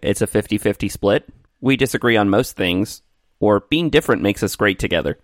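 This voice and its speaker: A man's voice: lowish voice, animated, brisk, dry recording, clean studio sound. A man co-hosting a podcast, chatting casually and reading quiz questions aloud in an offhand way. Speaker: podcast co-host.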